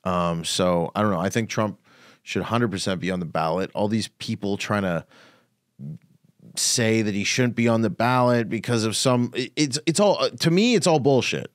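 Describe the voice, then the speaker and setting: A man's voice: lowish voice, moderate pace, no room sound, studio quality. A comedian hosting his own podcast, ranting bluntly and profanely in a casual solo talk. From Canada.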